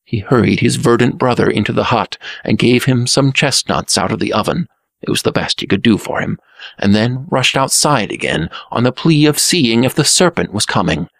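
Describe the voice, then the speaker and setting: A man narrating a fairy tale aloud in a lively, expressive reading. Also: mid-range voice, moderate pace, gravelly, no echo, studio quality. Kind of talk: storybook narration.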